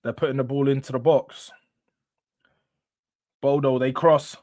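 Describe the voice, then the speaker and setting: A young man hosting a live football watchalong, chatting casually and excitably while yawning tiredly between bursts of reaction. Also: normal speed, long pauses, dry recording, clean studio sound. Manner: excitable, swings between hype and low-key mumbling, slangy. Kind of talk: casual live match commentary and chat.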